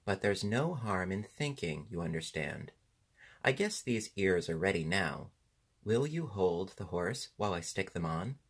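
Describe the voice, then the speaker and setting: A man voicing a spirited, quick-tempered young boy, speaking in a raised, emphatic voice. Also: sits low, lively intonation, husky, exaggerated voice. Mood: eager.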